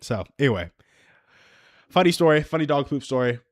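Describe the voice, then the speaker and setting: A man's voice: mid-range voice, lively intonation, brisk, no echo, clean studio sound. A man in his twenties hosting a casual solo livestream. He rambles and chuckles at his own stories. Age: 20s. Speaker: livestream host.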